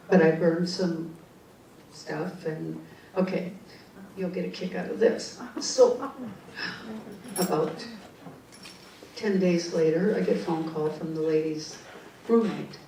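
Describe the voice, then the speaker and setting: A woman psychic recounts her experiences in an animated, chatty way, acting out each exchange. Her voice is warm and mellow and sits on the lower side. The sound is roomy and distant, with faint ambience behind her. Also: a little slow, vocal fry, long pauses, slight background noise. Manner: animated, conversational, acts out dialogue. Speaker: psychic and ghostbuster. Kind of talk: personal storytelling talk.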